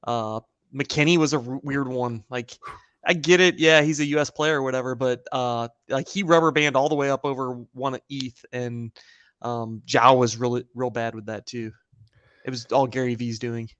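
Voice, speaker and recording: Laid-back joking male co-host, mid pitch, dry close mic. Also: fairly even intonation, moderate pace, a bit bright, clear, resonant tone, dry recording. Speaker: podcast co-host. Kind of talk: casual podcast chat.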